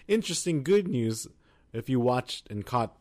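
A man's voice: medium pitch, lively intonation, normal speed, darkish tone. A man co-hosting a podcast in casual chat, laid-back and rambling, with the odd casual curse. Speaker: podcast co-host.

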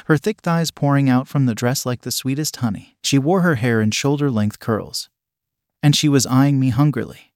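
A man reading a first-person story aloud at a steady, measured pace. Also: mid-range voice, dry recording, clean studio sound. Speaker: narrator.

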